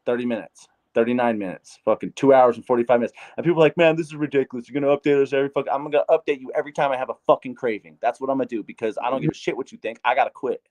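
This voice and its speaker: A man's voice: medium pitch, darkish tone. A man from Wyoming, a guest in a casual interview, speaking bluntly and swearing often. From Wyoming, USA. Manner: blunt, profane, fast-talking. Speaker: hip hop artist, guest.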